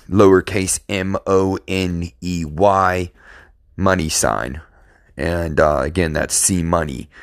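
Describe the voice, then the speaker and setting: A man's voice: low voice, dry recording, clean studio sound. A middle-aged man from Pittsburgh, tired and yawning, hosting a laid-back, rambling podcast monologue. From Pittsburgh, Pennsylvania. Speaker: podcast host and rapper.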